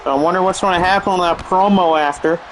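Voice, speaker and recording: A man giving excited, rambling play-by-play commentary over a wrestling game, with chatty asides. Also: high voice, fast talker, slight background noise, rough recording.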